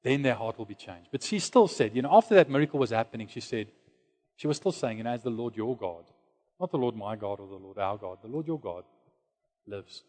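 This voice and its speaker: A man preaching a sermon, dropping to hushed low lines and then rising to loud, high exclamations. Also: expressive, brisk. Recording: long hall reverb.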